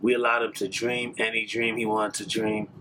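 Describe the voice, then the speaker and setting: A man's voice: on the low side, level tone, normal speed, pushed and bright, a little hiss or hum. Earnest man telling a personal testimony. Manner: earnest, reflective, with fillers and restarts. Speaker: podcast storyteller.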